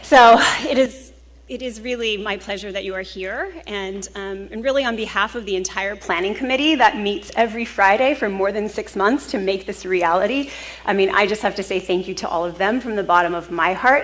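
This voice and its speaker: A woman hosting a professional conference and giving an earnest welcome speech to a live audience, getting emotional now and then. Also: medium pitch. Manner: warm, earnest and emotional, with small laughs. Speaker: conference host. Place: conference hall.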